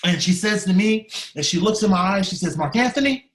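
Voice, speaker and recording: A man giving an emotional storytelling speech, heartfelt and dramatic, shifting between loud and hushed. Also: sits high, a little fast, echoey room. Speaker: speaker at a staff training day.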